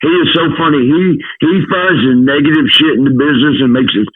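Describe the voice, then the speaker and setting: Southern man, guest, laughing storyteller, lo-fi phone sound, dry, slightly high voice. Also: a little fast, slightly rough, no room sound. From American South. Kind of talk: casual storytelling. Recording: tinny phone-like line, dry.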